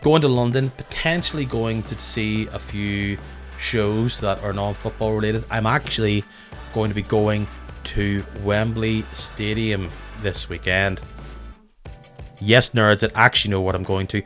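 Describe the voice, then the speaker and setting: A man hosting a casual podcast, chatty and self-mocking with lively asides. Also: on the low side, a little slow, faint music behind. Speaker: podcast host.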